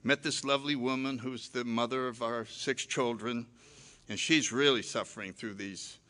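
An older man tells his own story from a stage, his voice bright and forceful. He is animated and self-mocking, and he replays his own past lines in his storytelling. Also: mid-range voice, normal speed. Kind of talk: personal storytelling talk.

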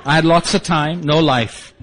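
A man's voice: fairly high pitch, moderate pace, fairly bright tone, a faint crowd. Wry self-mocking male storyteller. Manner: acts out quoted dialogue. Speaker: speaker sharing his story at a support meeting. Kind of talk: personal storytelling to a group.

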